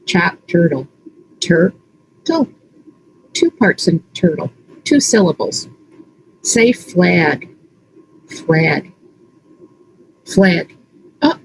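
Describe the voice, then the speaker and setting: A woman literacy coach leading an early-reading lesson, saying words slowly and stretching out their sounds. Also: on the low side, a little mellow, slight background noise, rough recording. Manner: slow, deliberate, exaggerated word sounds. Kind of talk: slow instructional teaching, modeling sounds.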